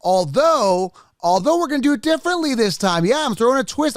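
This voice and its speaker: A man hosting a podcast in a casual, energetic way, repeating plugs and talking the listener through each step. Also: high-pitched, normal speed, hardly any pauses, no room sound, clean studio sound. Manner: energetic, repetitive, salesy. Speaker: podcast host. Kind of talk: casual podcast talk with ad reads. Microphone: studio microphone.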